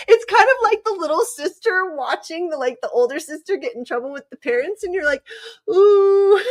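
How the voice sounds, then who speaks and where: Giggly chatty woman reading cards. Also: a little high. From Southern California. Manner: giggly, chatty, frequent laughter. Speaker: psychic reader. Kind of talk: casual tarot reading.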